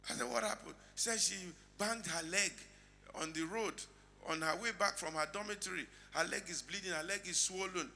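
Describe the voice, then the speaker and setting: A middle-aged Nigerian man preaching a sermon as pastor, dropping to quiet asides and then shouting lines out. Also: fairly quick, creaky, slight background noise. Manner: animated preaching, swinging between low asides and shouted lines.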